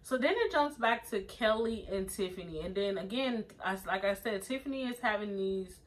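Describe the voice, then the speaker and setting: A woman's voice: medium pitch, lively intonation, normal speed, rough recording. A woman chatting casually as she recaps a TV episode, sassy and slangy, with lots of "like" and "um". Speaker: TV episode reviewer. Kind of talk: casual chat.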